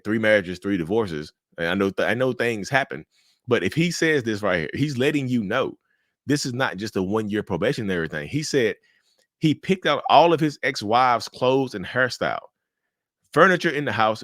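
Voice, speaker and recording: Emphatic man, low voice. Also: a bit bright, no room sound, clean studio sound. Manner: emphatic, rhetorical questions, says y'all often. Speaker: commentator on viewer stories. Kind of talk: casual reaction commentary.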